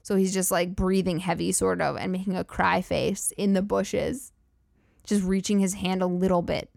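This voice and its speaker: A woman's voice: on the low side, level tone, normal speed, vocal fry, a little mellow, dry recording, clean studio sound. A woman hosting a comedy podcast, rambling through profane, giggly riffs. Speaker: podcast host. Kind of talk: casual comedic monologue.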